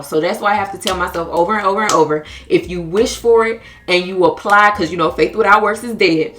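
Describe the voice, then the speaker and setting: An earnest young American woman in her twenties speaks to camera in a lowish voice, open and confessional. Faint music plays underneath her talk. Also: a little fast, hardly any pauses, fairly bright tone. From United States. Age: 20s. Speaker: vlogger. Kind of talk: candid self-help talk to camera.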